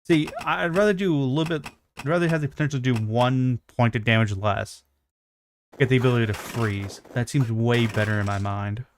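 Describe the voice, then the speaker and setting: A man's voice: mid-range voice, fairly even intonation, fairly quick, a little hiss or hum. A man streaming a video game, chatting casually with heavy swearing, ranting and mocking himself. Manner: profane, ranting, self-mocking. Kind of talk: casual gaming stream chat.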